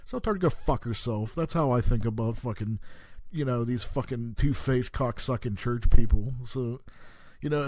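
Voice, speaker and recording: Swearing man on a dry, mellow rant. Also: mid-range voice, no room sound. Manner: heavy swearing, halting with many fillers. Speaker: podcast host. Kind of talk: profane rambling rant.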